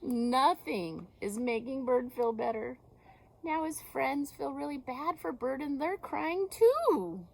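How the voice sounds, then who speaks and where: A teacher reads a picture book aloud to young children, slowly and gently, asking them questions along the way. Her voice swings high and low with a slightly gravelly, husky texture. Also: very animated, a little hiss or hum.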